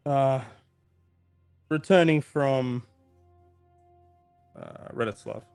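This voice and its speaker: A man's voice: medium pitch, drawn-out words, a little mellow, smooth, faint music behind. A man voicing a guarded young soldier who gives short, clipped answers to a superior.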